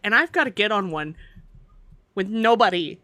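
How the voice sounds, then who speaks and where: A woman's voice: medium pitch, lively intonation, moderate pace, pushed and bright, dry recording. A woman co-hosting a paranormal podcast in casual chat, laughing through her words as she talks. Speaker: podcast co-host.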